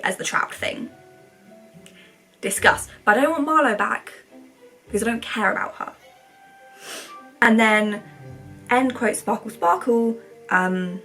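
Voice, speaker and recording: A woman's voice: a little high, a bit bright. A woman in her twenties, a vlogger, rambling through casual commentary in a chatty, sarcastic way. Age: 20s.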